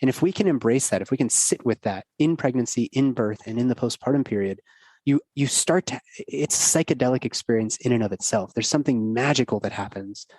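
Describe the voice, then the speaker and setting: A middle-aged man talks earnestly as a podcast guest, rambling from thought to thought. His voice sits in a middle pitch. The sound is dry and close. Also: fairly quick, a little mellow, husky, dry recording. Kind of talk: casual podcast conversation.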